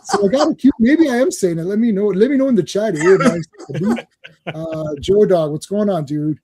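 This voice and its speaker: A man's voice: sits high, moderate pace, noisy background. A middle-aged Canadian man hosting a casual livestream chat, talkative and laughing often. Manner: chatty, laughing, breaks into silly voices. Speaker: podcast host.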